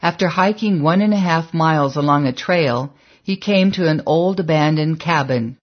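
A narrator reading a story aloud in a measured, dramatic storytelling manner. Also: mid-range voice, muffled recording. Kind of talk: scripted audiobook narration.

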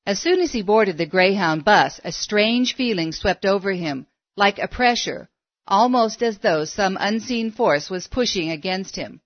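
A woman in the middle of her range narrating a story with measured, steady delivery. The recording is dry, with no room sound, and somewhat dull and lo-fi. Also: medium pitch, dry recording.

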